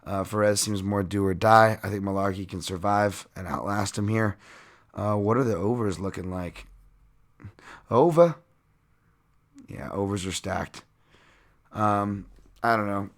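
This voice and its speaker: A man's voice: lowish voice, a little slow, long pauses. A man hosting a podcast, breaking down fight bets in a rambling, self-mocking way and chuckling often. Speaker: podcast host. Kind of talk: casual sports-betting breakdown.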